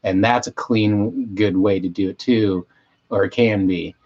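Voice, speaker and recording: A man hosting a casual livestream, high and rambling, swearing freely and losing his train of thought as he reads chat aloud. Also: steady tone, a little slow, darkish tone, highs cut off. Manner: loose, meandering, self-interrupting, stoned and swearing. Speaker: livestream host.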